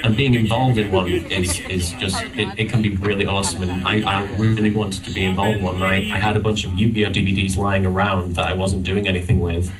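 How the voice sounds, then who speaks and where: Low-voiced man, halting panel talk. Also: steady tone, crowd noise. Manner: halting, many restarts. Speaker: convention panel guest. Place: convention panel room. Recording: distant audience-camera recording.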